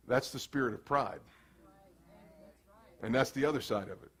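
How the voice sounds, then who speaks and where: A man preaching a sermon as pastor in a casual, animated way, slipping into quick acted asides. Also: mid-range voice, husky.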